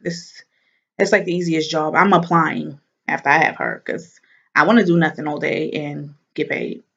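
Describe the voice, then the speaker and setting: A woman chatting casually to camera as a vlogger, animated and laughing as she talks. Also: fairly low pitch, dull audio.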